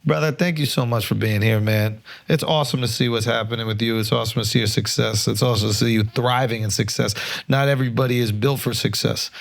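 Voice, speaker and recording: Gravelly laid-back male podcast host. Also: mid-range voice, fairly even intonation, fast, few pauses. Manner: laid-back, musing, swears casually. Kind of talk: casual chat.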